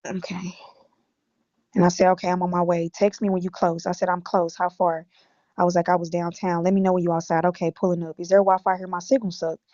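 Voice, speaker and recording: Low, flat-voiced woman reading texts. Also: brisk, dry recording. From Illinois. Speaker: guest recounting text messages. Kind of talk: reading text messages aloud on a stream. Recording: dull lo-fi audio.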